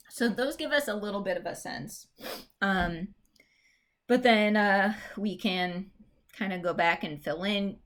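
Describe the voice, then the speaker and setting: A woman teacher talks through a recorded lesson on poetic meter at an unhurried, measured pace. She explains patiently with the odd filler. When she reads verse aloud, she draws out the stressed beats. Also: on the low side, fairly bright tone. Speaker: English teacher.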